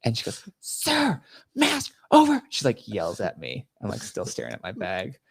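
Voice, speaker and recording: A male podcast host with a low, gravelly voice tells crude, mocking stories in casual chat. His pitch swings widely as he goes, and he laughs often. The sound is dry and close. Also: very animated, a little fast, dry recording.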